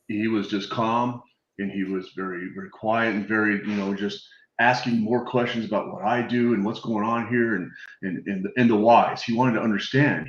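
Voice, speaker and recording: A man with a low voice tells his stories with gusto. He swears freely and slips into the voices of the people he quotes. He is on a video call, and the audio sounds dull and echoey. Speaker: guest telling war stories. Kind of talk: casual storytelling chat.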